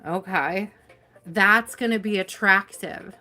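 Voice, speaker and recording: A woman's voice: medium pitch, slow pace, soft background music. A woman hosting a live tarot reading, giving a spiritual pep talk to her viewers in a tired, encouraging way. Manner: warm encouraging, spiritual pep talk, reads names from chat; tired, yawning. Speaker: tarot reader.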